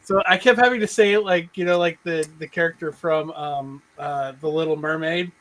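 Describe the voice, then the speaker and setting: A middle-aged man hosting a live stream chat, his voice sitting a little higher than most men's. He rambles, restarts his sentences often and chuckles as he goes. He sounds like he is on a video call. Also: steady tone, moderate pace, a bit bright, rough recording. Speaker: podcast host.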